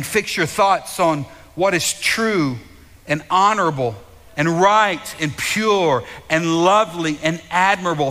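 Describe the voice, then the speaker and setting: A man's voice: fairly high pitch, sharp tone. A man preaching a sermon to his congregation, fervent and repetitive, often doubling his words and speaking straight to the listeners. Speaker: pastor. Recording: long reverb of a large hall.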